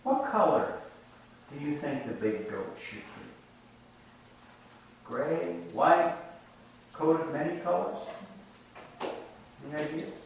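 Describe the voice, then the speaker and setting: A man's voice: on the high side, animated, a little hiss or hum. A man preaching a reflective sermon, telling a folk tale and drawing lessons from it, recorded from a distance. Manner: reflective, measured storytelling. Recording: echoey room from a distant mic.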